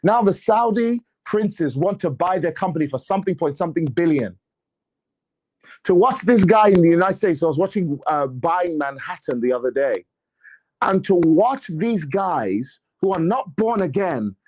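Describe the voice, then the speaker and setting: A man, an apostle and church leader, giving a motivational talk on faith and money with an energetic, preacher-like delivery and sarcastic asides. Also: high-pitched, normal speed.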